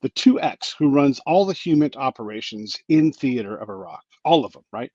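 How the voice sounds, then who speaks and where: A male podcast host tells stories in casual chat at a moderate pace, on a dry, lo-fi recording. He's animated, acting out the people he quotes with big jumps in pitch.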